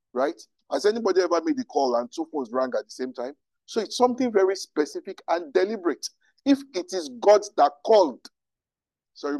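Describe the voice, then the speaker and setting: A man, a pastor teaching to a live audience with animated rhetorical questions. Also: mid-range voice, dry recording, low-quality recording. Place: room with an audience.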